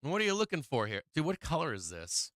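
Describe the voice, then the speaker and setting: A man's voice: fairly high pitch, huge pitch swings, quick pace, fairly bright tone, no echo. A man hosting a live trading stream, talking casually and profanely through charts, his voice strained and tiring. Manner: profane, chatty, laughing while watching charts. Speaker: livestream trading host.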